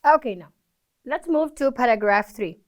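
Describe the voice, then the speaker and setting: High, smooth-voiced woman teacher. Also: expressive, normal speed. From Palestine. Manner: patient, encouraging, gives praise after each answer. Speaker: English teacher. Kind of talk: recorded classroom lesson.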